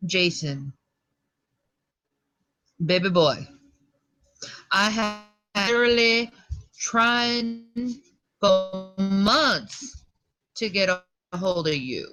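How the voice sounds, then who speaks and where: A woman's voice: lowish voice, bright, forceful tone. A woman from the American South with a Minnesota accent, rambling in a live video hangout and breaking off to talk to her children. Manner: scattered, talks to her children mid-stream. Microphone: video call. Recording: dull lo-fi hangout audio.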